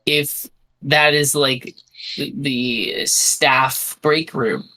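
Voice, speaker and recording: A tabletop player with a mid-pitched voice describes their character's moves. The talk rambles and stops and starts, with frequent chuckles. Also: fairly even intonation, drawn-out words, bright, forceful tone, poor audio. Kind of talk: casual tabletop play, narrating their actions.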